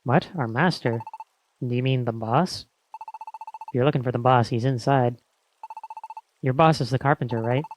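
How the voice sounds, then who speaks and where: A man's voice: mid-range voice, normal speed, pauses often, slight background noise, lightly acted. A man voicing brusque, slangy carpenter's apprentices while reading game dialogue over game music. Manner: brusque, working-class slang.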